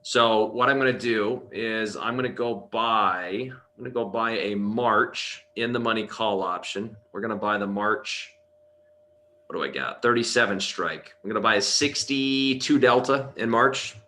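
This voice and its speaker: Lower-voiced, bright-toned trading coach. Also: male voice, measured pace. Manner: confident, walks through the trade step by step. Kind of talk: casual trading chat.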